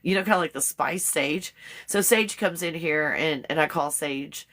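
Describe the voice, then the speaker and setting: Hosting a casual live stream, a woman chats with viewers, reads their comments aloud, laughs a lot, and spells some words out letter by letter. Her voice is low and fairly bright, at a normal speed.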